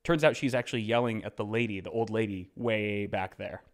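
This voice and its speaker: A young man on a podcast telling a story in a casual, animated way, switching into quoted voices as he goes. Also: fairly low pitch, brisk. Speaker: podcast co-host.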